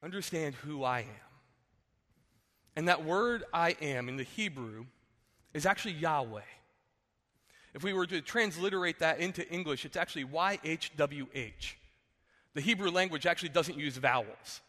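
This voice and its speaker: Male preacher, conversational sermon, bright and a bit high, long hall reverb. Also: lively intonation, normal speed. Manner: conversational, often says "like" and restarts. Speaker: pastor.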